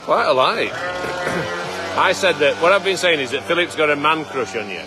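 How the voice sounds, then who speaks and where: A man's voice: a little high, animated, moderate pace, music in the background. A man, a farmer hosting a live stream, chatting casually and teasing his colleagues. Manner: chatty, teasing, with frequent restarts. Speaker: farmer and livestream host.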